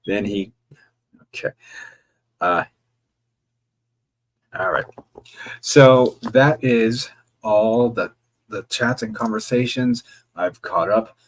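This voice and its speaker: A man's voice: lowish voice, takes it slowly, pauses often, low-quality recording. A man streaming live, reading viewer chat messages aloud and answering them in a casual, joking way with the odd swear word. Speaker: livestreamer.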